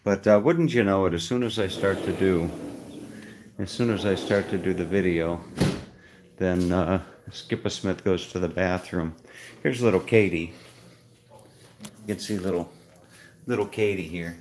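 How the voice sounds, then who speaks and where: A man casually vlogging as he walks through a house, rambling with frequent halting pauses. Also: low-pitched, darkish tone, slight background noise. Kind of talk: casual walk-through vlog. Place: indoors in a house.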